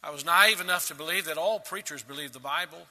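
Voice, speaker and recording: Man, preacher, very bright sharp voice, high pitched, sermon, long hall reverb. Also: quick pace. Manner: emphatic preaching with sudden loud rises and quiet drops. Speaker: pastor.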